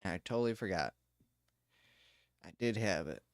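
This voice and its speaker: A man's voice: deep voice, animated, no echo. A man streaming a game live, ranting and swearing in casual chat as he plays. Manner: ranting, swearing, quick laughs. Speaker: livestreamer. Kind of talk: casual gaming livestream chat.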